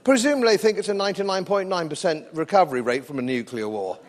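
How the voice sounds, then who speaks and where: Speaking fast in a high-sitting voice, an English-accented man delivers a live political speech to a crowd at a public event. Sardonic and combative, he presses each point by repeating phrases.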